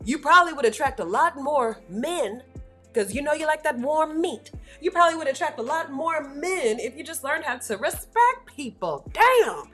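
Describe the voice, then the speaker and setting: Blunt scolding woman, higher voice. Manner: blunt, scolding, slangy, laughs loudly. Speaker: commentary vlogger. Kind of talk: reaction commentary.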